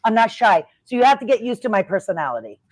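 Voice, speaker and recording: A woman's voice: medium pitch, fast, dry recording. A middle-aged woman, a former wrestler, chatting in an interview and acting out the voices of people in her stories. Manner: talkative, expressive storyteller acting out quotes. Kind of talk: casual interview chat.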